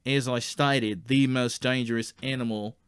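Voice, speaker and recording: A man playing a brash, touchy Australian outback guide in a comedy sketch, blunt and full of slang, tripping over his words when riled. His Australian accent sits at an ordinary pitch, recorded dry and close with no room around it. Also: fairly even intonation, normal speed, a bit bright, smooth, no room sound, lightly acted. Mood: matter-of-fact. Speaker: tour guide.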